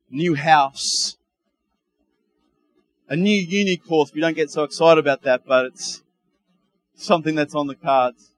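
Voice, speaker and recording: High-voiced preaching man, dry sound. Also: dry recording, low-quality recording. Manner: lively preaching with asides and chuckles. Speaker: pastor. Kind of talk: sermon.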